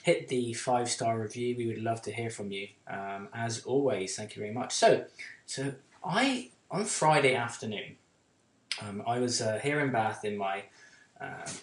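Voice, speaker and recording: A man chats casually as a podcast co-host, drifting through a long story with plenty of ums and false starts. His voice sits at an ordinary middle pitch. The room around him gives a noticeable echo. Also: normal speed, recorded from a distance. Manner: rambling anecdotes full of fillers and restarts. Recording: roomy echo.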